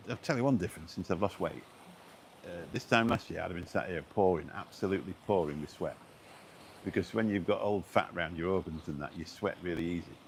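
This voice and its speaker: A middle-aged man with a deep, low-pitched voice talks casually to his live-stream viewers. He rambles, restarts his sentences and fills gaps with ums. He is recorded on a phone outdoors, with a faint hiss of noise behind him. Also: quick pace. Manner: rambling, chatty, many fillers and restarts. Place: outdoors on a beach walk.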